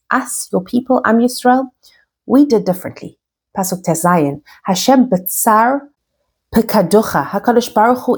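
A woman giving an expressive recorded lesson on scripture, reading Hebrew verses and explaining them in English. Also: mid-range voice, husky. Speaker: Torah teacher.

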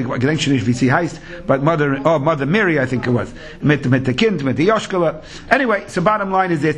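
A man's voice: fairly high pitch, breathy edge. A man teaching Talmud as a rabbi, chanting the text in a sing-song and weaving in Hebrew and Yiddish terms. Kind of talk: Talmud lesson in Yeshivish English.

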